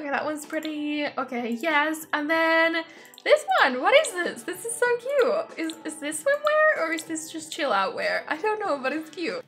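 A young woman reviewing a video game in excitable, gushing commentary, often gasping with delight. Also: high voice. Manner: gushing and excitable, frequent gasps. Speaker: gaming YouTuber.

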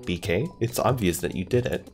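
A streamer doing a deeper voice for a crocodile in a video game, reading accusing lines. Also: lively intonation, normal speed, gravelly, a little mellow, faint music behind. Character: stern crocodile townsperson.

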